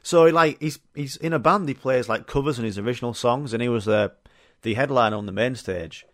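A Yorkshire man in mid-pitch hosts a podcast, rambling through anecdotes with plenty of fillers and casual swearing. His voice is close and dry, with no room sound. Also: brisk, no echo. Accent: Yorkshire English. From Yorkshire, England. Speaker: podcast host. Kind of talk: casual storytelling chat.

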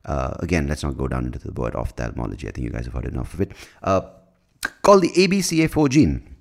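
A man's voice: a bass voice, sing-song, fast, creaky, a little mellow. A man hosting his own podcast in a casual, rambling monologue, self-mocking, swearing freely and tripping over his words. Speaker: podcast host.

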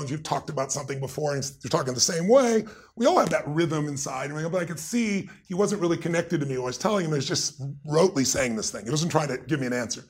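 A middle-aged man with a gravelly, husky voice telling a story as a guest, intense and emphatic. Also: a little high. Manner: intense, emphatic, acts out the people in his stories. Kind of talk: animated storytelling in a conversation.

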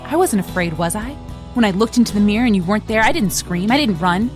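A woman's voice: medium pitch, expressive, fast, soft background music, lightly acted. A woman reading the part of Rebecca, a proud, yearning young actress, in earnest dramatic style. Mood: pleading, defiant.

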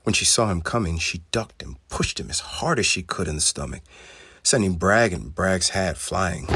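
A man reading a children's storybook aloud in an expressive, steady way. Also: sits low, normal speed, very noisy.

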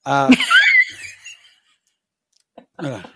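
A man's voice: drawn-out words, raised voice, very noisy. A man co-hosting a casual podcast, talking loosely with lots of fillers and restarts. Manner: rambling, many fillers and restarts. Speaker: podcast co-host.

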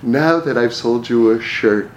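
A man's voice: medium pitch, measured pace, highs cut off, noisy background, natural voice. A man briefly voicing an old-timey, friendly shopkeeper with a Cockney accent who keeps pushing one more sale. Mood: coaxing. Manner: persuasive, coaxing. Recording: roomy echo.

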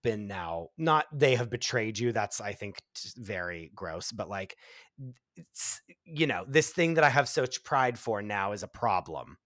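A man's voice: fairly low pitch, lively intonation, measured pace, fairly bright tone, dry recording, clean studio sound. A man, the podcast's producer, interviewing in a curious, thoughtful conversational way.

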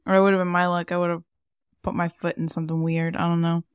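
A woman's voice: fairly low pitch, flat delivery, quick pace, smooth, no room sound, clean studio sound. A woman co-hosting a podcast in casual chat, rambling with lots of fillers. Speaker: podcast co-host.

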